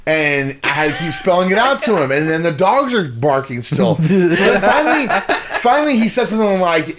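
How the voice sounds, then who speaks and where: A man's voice: mid-range voice, a bit bright. A man co-hosting a podcast, telling a long exasperated story in casual, profane chat with lots of rambling restarts. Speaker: podcast co-host.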